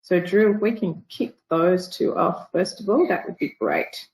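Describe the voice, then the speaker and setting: A woman's voice: lowish voice, animated, a little slow, vocal fry, darkish tone, poor audio. A woman with an Australian accent giving a webinar talk from home in an early-morning voice, friendly and chatty. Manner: friendly, chatty, apologetic asides. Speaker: guest speaker. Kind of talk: webinar presentation.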